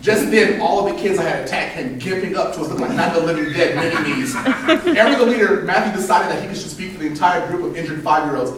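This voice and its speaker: At an open mic, a man in his thirties animatedly tells a personal story at a quick pace, doing voices and laughing between lines. His fairly high voice is picked up by a distant mic in a very echoey room, with a crowd audible behind him.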